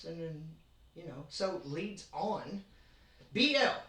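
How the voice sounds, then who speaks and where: A host chatting casually about manga from their own bedroom, rambling and excitable with jokes and asides. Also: mid-range voice, moderate pace. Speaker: channel host. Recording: roomy, from far off.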